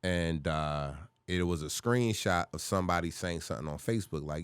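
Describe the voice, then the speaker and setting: A middle-aged man with a low, deep voice tells a personal story on a podcast. He talks casually and acts out the people in the story. His voice is close and dry, with no room sound. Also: moderate pace, hardly any pauses, clean tone, no echo. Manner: animated, acts out voices in his stories, curses freely. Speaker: comedian guest.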